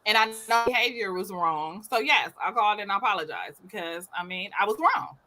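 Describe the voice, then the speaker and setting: Emphatic woman with a lively, bright voice. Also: medium pitch, brisk. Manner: emphatic, earnest and repetitive. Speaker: co-host. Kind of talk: casual chat.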